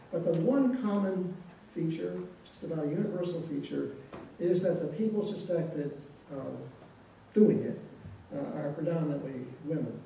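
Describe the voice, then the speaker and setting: A man delivers a history lecture in a measured, thoughtful manner, often pausing to restart a phrase. His voice sits fairly high yet sounds very dark and gravelly. The recording is heavily echoey, caught from across a church hall. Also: recorded from a distance, a little hiss or hum.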